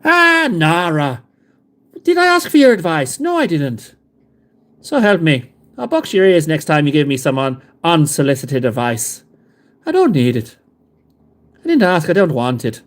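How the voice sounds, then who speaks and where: A man's voice: a little high, very animated, unhurried. Man putting on a cheeky mock-Irish fellow. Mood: scolding. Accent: put-on Irish.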